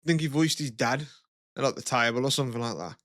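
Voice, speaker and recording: Male podcast co-host, mid-pitched, loose rambling chat, dry recording. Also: fast talker, fairly bright tone, dry recording. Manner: rambling, loose and chatty with many fillers. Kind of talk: casual chat.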